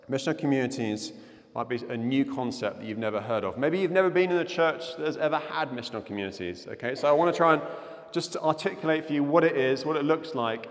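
A man's voice: medium pitch, in a large hall. A man preaching a casual, chatty, self-deprecating sermon as a pastor. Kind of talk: sermon with prayer and a joke. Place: church hall.

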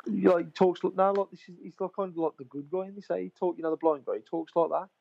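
Fast and gravelly, this man's voice sits high with fairly even intonation, and the recording sounds muffled. As a podcast co-host, he chats casually, wanders through stories, swears freely and repeats what he told his mate.

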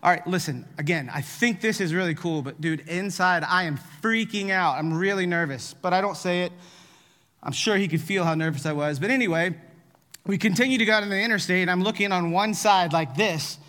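A man preaching a sermon, telling a personal story in an animated, self-deprecating way. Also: high voice, brisk, big-room sound. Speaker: pastor.

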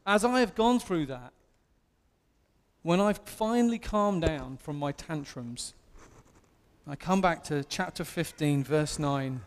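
English pastor, 30s, high voice, animated sermon, self-mocking, reverb from a big hall. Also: male voice, takes it slowly, long pauses, smooth. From England.

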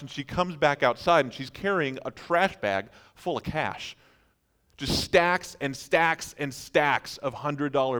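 Animated male preacher telling stories. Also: mid-range voice. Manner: animated storytelling, acting out incredulous reactions. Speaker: pastor. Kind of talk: sermon.

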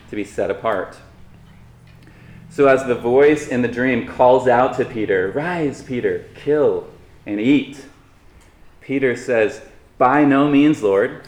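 A man with a fairly low voice delivers a sermon in an easy, conversational manner, breaking in with light humor. The room is echoey, so his words carry a roomy sound. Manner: conversational preaching with asides and humor. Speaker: pastor.

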